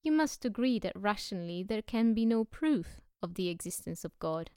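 A woman voicing a cautious, learned male editor who answers in a measured, diplomatic way in an audiobook reading. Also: mid-range voice, lively intonation, dark tone, clear, resonant tone, no room sound, clean studio sound, lightly acted.

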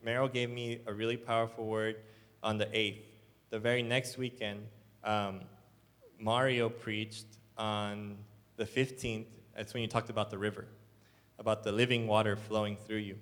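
A man's voice: mid-range voice, fairly bright tone. A young adult man, a church elder, preaching a sermon in a loose, casual storytelling way full of "like"s. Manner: casual, filler-heavy storytelling with many "like"s. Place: church hall. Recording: long hall reverb.

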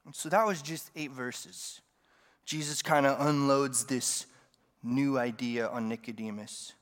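A man preaching a sermon in a relaxed, conversational way, with joking asides to the congregation. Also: mid-range voice, unhurried, in a large hall.

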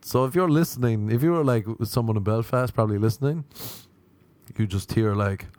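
A man telling a comic story in a casual way, often switching into high-pitched voices when he quotes other people. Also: brisk, a little mellow, no echo.

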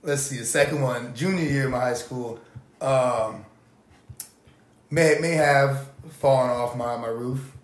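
A man chatting casually on a podcast, halting and full of ums as he recalls things. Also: mid-range voice. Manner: hesitant, halting, lots of ums. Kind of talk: casual chat. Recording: roomy echo.

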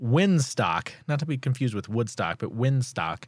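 A podcast co-host in casual chat, giggly and animated when telling a story, and quick to poke fun at themself. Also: medium pitch, dry recording.

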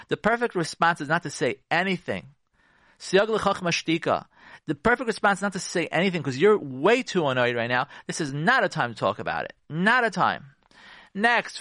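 A rabbi gives marriage advice on the radio in a lively way, acting out conversations and putting questions to his listeners. His voice is fairly high and bright, and it jumps around a lot in pitch. The studio sound is close and dry. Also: no echo. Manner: animated, acts out conversations and asks the listeners questions. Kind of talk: radio talk.

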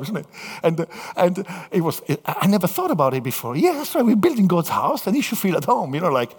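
A man from southern Italy with an Italian accent, preaching a sermon through lively personal stories, acting out the voices in them. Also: fairly high pitch, slightly rough. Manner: animated storytelling, acts out voices in quotes. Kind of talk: anecdotal sermon. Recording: long hall reverb.

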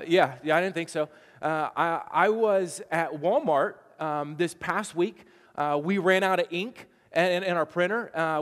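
A man's voice: sits high, long reverb tail. A man preaching a sermon as pastor, telling a chatty story with frequent stammered restarts.

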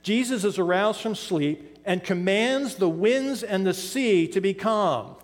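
An older man from western Pennsylvania preaching a sermon, pausing dramatically and letting key words trail off softly. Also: high voice, lively intonation, big-room sound. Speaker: pastor.

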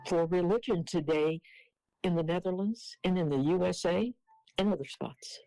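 A woman's voice: lowish voice, normal speed, warm tone, no room sound, low-quality recording. A woman guest in a casual conversation, speaking thoughtfully and quoting sayings.

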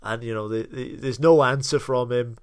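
A man from South Wales with a Welsh accent, co-hosting a podcast and telling anecdotes in a lively, casual way. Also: medium pitch, normal speed, no room sound, clean studio sound. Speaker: podcast co-host. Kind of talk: casual chat.

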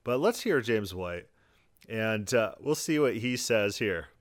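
A man hosts his podcast in a quick, sarcastic run of commentary, mocking the clips he plays. His voice is smooth and clear, a little low for a man. The sound is dry and close. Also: expressive, dry recording. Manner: sarcastic, fast-talking, mocking. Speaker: podcast host. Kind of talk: argumentative commentary.

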